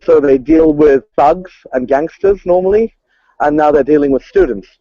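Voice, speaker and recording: A man's voice: fairly high pitch, moderate pace, dry recording, dull audio. A man giving a live street report over a mobile stream, hesitant and full of fillers. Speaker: field reporter. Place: city street outdoors. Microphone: phone over a mobile stream.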